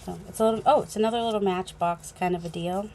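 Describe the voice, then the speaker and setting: A woman's voice: mid-range voice, steady tone, fast talker, a little mellow, a little hiss or hum. A woman with a New England accent chatting casually as she unboxes craft supplies at home, thinking aloud, recorded on a phone. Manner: chatty, rambling, thinking aloud with many fillers. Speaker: crafting channel host.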